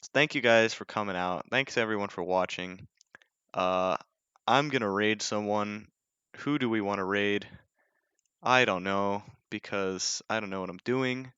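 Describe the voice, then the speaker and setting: Man casting a game tournament, excitable, smooth close voice, dull lo-fi stream sound. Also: unhurried, no room sound. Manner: excitable, voice jumps high on big plays. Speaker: tournament caster and stream host. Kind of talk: live esports commentary.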